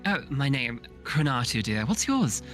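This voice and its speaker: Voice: mid-range voice, sing-song, moderate pace, fairly bright tone, soft background music. A player voicing a dainty, falsely sweet young woman who speaks in a prim, overly polite manner.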